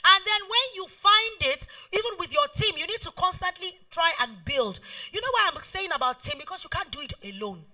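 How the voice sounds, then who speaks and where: A woman's voice: very high voice, lively intonation, a little fast, few pauses, bright, forceful tone. A middle-aged woman with a Nigerian accent, an event planner giving a motivational talk, emphatic and fond of repeating key phrases. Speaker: event planner and guest speaker. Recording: voice heard from far off.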